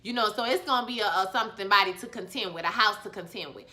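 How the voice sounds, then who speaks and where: A woman reviewing a TV episode in a casual vlog, sassy and animated, full of ballroom slang. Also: medium pitch, fast. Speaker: TV show reviewer.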